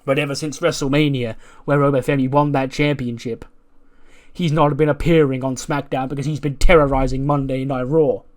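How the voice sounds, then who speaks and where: A man voicing an angry hulking male wrestler who calls out a rival, slow and menacing. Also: medium pitch, steady tone, close to an everyday voice.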